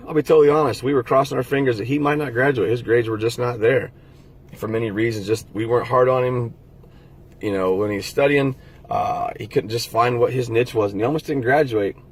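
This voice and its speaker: Middle-aged man, husky voice, mid pitch; plain-spoken motivational vlogger, earnest and direct. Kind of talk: casual motivational talk to camera.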